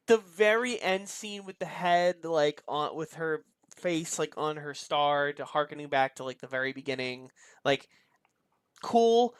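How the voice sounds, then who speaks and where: A man co-hosting a casual podcast chat, talking in a relaxed, hesitant way with casual swearing. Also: on the high side, clear, resonant tone, no echo, studio quality. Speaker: podcast co-host reviewing a film.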